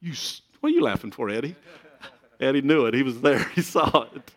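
A man's voice: medium pitch, animated, fairly quick. A middle-aged man preaching a sermon in a conversational way, with joking asides to the congregation. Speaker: pastor.

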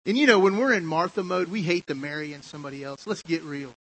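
A man preaching a sermon in an easy, talk-to-you way, firing off rhetorical questions. His voice sits a little higher than most men's. He acts out the voices he quotes. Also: fast talker, rough recording. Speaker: pastor.

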